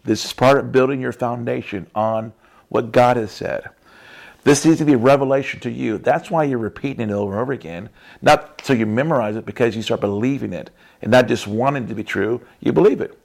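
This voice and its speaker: A man's voice: mid-range voice, brisk, creaky, a little mellow. A man preaching in a casual storytelling way, chatty and laughing often, with frequent tag questions.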